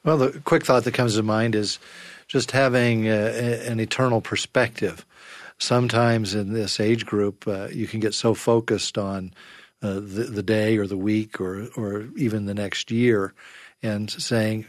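Give me a man with a lowish voice who gives thoughtful advice with many pauses, recorded dry. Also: fairly even intonation, no room sound. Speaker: panel guest. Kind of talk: church-themed panel discussion.

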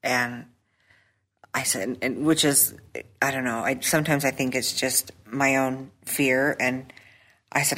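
A woman's voice: a bass voice, fairly even intonation, measured pace, a bit bright. A middle-aged woman telling her own story at a recovery meeting, hesitant, with many fillers and restarts. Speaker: recovery meeting member sharing. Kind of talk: personal testimony at a support meeting.

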